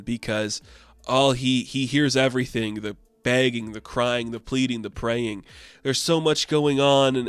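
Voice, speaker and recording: A man's voice: mid-range voice, fairly bright tone, clean tone, dry recording. A man reviewing comics in a casual, rambling way, with many fillers and the odd swear word.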